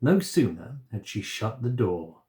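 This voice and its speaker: A male storyteller reading a children's story aloud, unhurried and expressive. His voice sits low and gentle, and he takes his time over each line.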